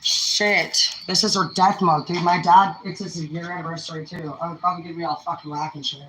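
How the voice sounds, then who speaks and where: A woman's voice: lowish voice, steady tone, a little fast, fairly bright tone. Rambling, foul-mouthed young woman storyteller. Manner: rambling, profane, laid-back storytelling. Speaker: vlogger telling stories. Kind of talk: casual storytelling. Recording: roomy echo, mic at a distance, faint noise.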